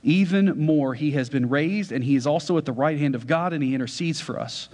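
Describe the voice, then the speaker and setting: A man's voice: a little high, brisk, darkish tone. A man preaching a sermon as a pastor, conversational, often checking in with his listeners. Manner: conversational preaching with frequent "right?" asides. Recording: church hall reverb.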